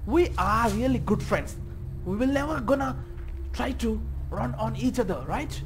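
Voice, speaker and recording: A man's voice: very high voice, expressive, normal speed, faint music behind. A man giving let's-play commentary on a horror game, swearing constantly and rambling nervously in a panic. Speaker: gaming YouTuber.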